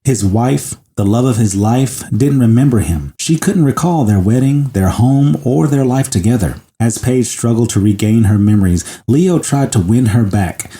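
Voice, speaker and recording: Dark-voiced man, dramatic podcast storyteller. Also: mid-range voice, animated, moderate pace, few pauses. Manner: joking, dramatic when reading. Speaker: podcast host. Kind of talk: casual chat and story reading.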